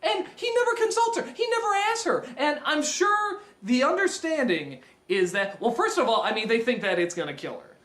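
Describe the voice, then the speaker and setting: A man giving a comedic film review rant, exasperated and mocking, with animated impressions. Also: very high voice, normal speed, few pauses. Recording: roomy echoey recording.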